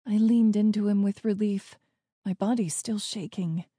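Female narrator, warm low-lit tone, tense hushed storytelling, dry booth sound. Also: steady tone, moderate pace, slightly rough, no echo. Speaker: audiobook narrator. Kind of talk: scripted first-person story narration.

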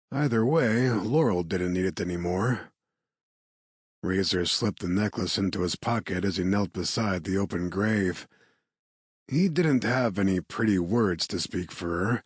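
Male audiobook narrator, low and raspy-edged, steady measured read, dry booth sound. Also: no echo.

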